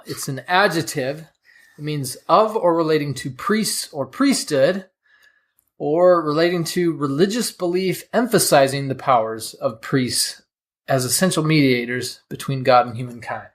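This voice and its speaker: A man's voice: a little high, measured pace. A man co-hosting a vocabulary podcast, reading dictionary definitions and explaining word roots with some hesitant fillers. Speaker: podcast co-host.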